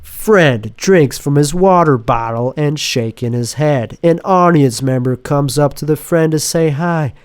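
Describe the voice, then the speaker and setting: A man's voice: on the high side, measured pace, hardly any pauses, clear, resonant tone, no echo. A sniffly, sick man hosts a podcast monologue from his home apartment, reading a script aloud. He rambles and interrupts himself with a dry, sardonic edge. The recording is dry and close. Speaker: podcast host.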